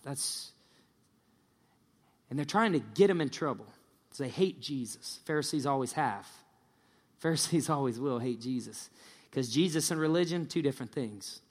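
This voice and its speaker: A man's voice: mid-range voice, moderate pace, long pauses. Man preaching in a reverberant hall. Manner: lively storytelling, acting out the people in the story. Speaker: pastor. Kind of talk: sermon. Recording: long church-hall reverb.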